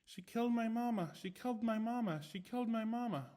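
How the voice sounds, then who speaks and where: A man voicing a creepy childlike talking doll that grieves and accuses, repeating its lines in a high, shrill tone, recorded without a proper microphone. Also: brisk, warm tone. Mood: chanting. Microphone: no dedicated microphone.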